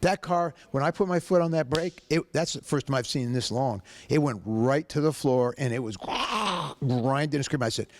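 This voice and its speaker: A man pitching his car dealership, telling a story in an emphatic, folksy way. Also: expressive, moderate pace, few pauses, no echo. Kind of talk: animated sales pitch and storytelling.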